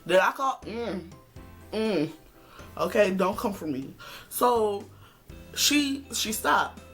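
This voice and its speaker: A woman vlogger telling a story to the camera in a sassy, animated way, acting out the quotes. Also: mid-range voice, slow, soft background music. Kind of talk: casual storytime vlog.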